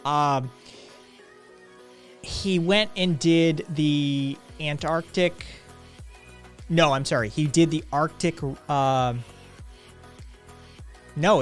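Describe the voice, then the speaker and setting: A man casually telling a long anecdote on a livestream, full of fillers and acted-out quotes, with faint music behind. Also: fairly high pitch. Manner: rambling, acts out quotes, frequent fillers. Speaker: podcast co-host.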